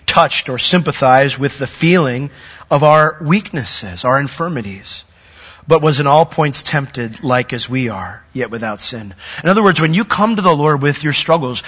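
Husky-voiced man preaching in a reverberant hall. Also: animated, normal speed, fairly bright tone. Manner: earnest, rising in pitch and force when acting out a doubting worshipper's words. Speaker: pastor. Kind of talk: sermon. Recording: dull sound with long hall reverb.

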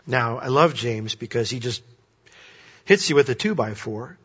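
A man preaching a sermon, swinging between loud, emphatic points and quiet, hushed asides. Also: medium pitch, moderate pace, slightly rough. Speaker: pastor. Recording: dull lo-fi sermon recording.

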